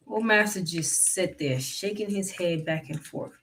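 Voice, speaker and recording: A storyteller reading a folktale aloud in a relaxed, folksy and wry way, then adding a casual sign-off as host of their own show. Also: mid-range voice, measured pace, few pauses, far from the mic, slight background noise. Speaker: narrator and podcast host.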